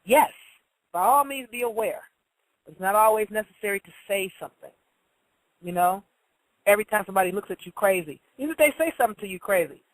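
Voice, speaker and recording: A woman's voice: mid-range voice, lively intonation, a little fast, long pauses, dry recording, poor audio. A woman hosting a casual monologue who tells stories bluntly, swears freely and acts out the voices of the people she quotes. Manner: blunt storytelling, profane.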